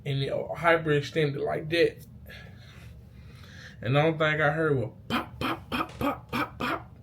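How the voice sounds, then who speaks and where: A young man, telling a personal story to camera in casual, slangy, animated speech with loud bursts. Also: fairly high pitch, measured pace, gravelly, slight background noise. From Mississippi. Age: young adult. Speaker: vlogger. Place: indoors, talking into a mirror.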